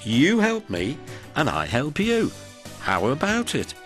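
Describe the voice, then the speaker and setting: A man's voice: fairly high pitch, huge pitch swings, slow, a bit bright, faint music behind, pitched above the performer's own voice, heavily acted. A man voicing a big, boastful male express engine who talks grandly and chortles.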